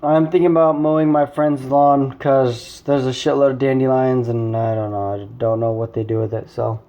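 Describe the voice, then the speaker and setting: A man's voice: medium pitch, fairly even intonation, normal speed, mellow, dull audio. A young man in a casual vlog, rambling through a story to camera with lots of swearing and filler words. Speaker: vlogger.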